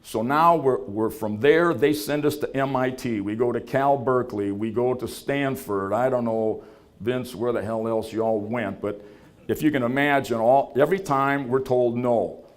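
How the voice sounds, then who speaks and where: A man's voice: mid-range voice, normal speed. A man giving a business talk at an event, telling a story in a folksy way and acting out the voices of people he quotes. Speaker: startup founder giving a talk. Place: event venue.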